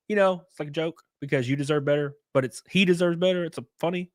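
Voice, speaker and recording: A man's voice: fairly high pitch, fairly quick, no room sound, studio quality. A man chatting casually on a live stream, rambling and joking as he reads chat and reacts to clips. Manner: rambling, joking, lively asides.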